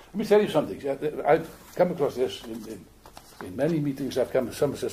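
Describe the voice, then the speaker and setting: An older man from Wales with a Welsh accent, giving an animated, joking political speech to an audience in a meeting room. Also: medium pitch, a little fast. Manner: animated, jokey, repeats words while building points. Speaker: political speaker.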